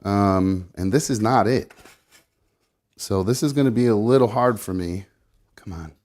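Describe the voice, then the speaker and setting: Low-voiced rambling man, casual and swearing. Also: a little slow, a little mellow. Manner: rambling, swearing, self-narrating while rolling. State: slightly out of breath. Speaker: live show guest rolling a blunt. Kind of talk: casual live-stream chat.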